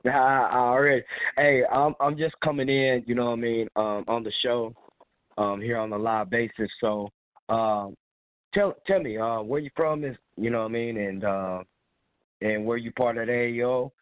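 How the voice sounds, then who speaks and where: A man's voice: medium pitch, fairly even intonation, normal speed, no echo. A man hosting a casual live call-in chat, congested with a cold, talking in a loose, rambling way. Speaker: host of a call-in live show. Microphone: phone call. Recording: dry tinny phone line.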